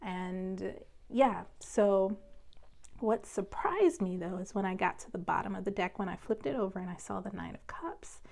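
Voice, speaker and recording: A woman's voice: mid-range voice, normal speed, gravelly, a little mellow. A woman giving a casual tarot reading, chatty and rambling, often breaking into laughter. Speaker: tarot reader.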